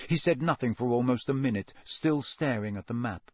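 A man giving scripted audiobook narration in a measured, steady storytelling delivery. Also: medium pitch, no room sound.

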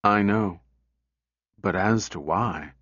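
Man reading as a robot, low and hushed, troubled and dutiful, dull dry audiobook sound. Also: slow, no echo. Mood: subdued. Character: troubled mining robot, male, dutiful and ashamed.

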